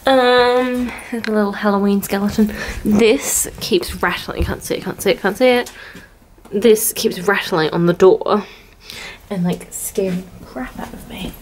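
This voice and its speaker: A young woman talks straight to camera in a casual home vlog, rambling and chatty. Her voice sits at an everyday middle pitch. She speaks in an open, heartfelt way. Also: steady tone, measured pace, slight background noise. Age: young adult. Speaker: au pair vlogger. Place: indoors at home.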